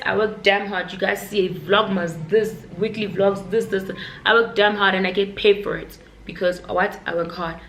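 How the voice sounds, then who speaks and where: A woman's voice: lowish voice, creaky, fairly bright tone. A young woman chatting candidly to her viewers in a casual vlog, talking straight to them. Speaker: vlogger. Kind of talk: casual chat to camera. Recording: echoey room with faint noise.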